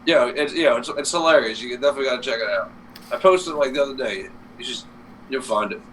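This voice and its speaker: A man's voice: medium pitch, fast, fairly bright tone. A man co-hosting a casual live stream, rambling and swearing with lots of fillers. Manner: rambling, profane, many fillers. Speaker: co-host. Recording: distant mic, faint noise.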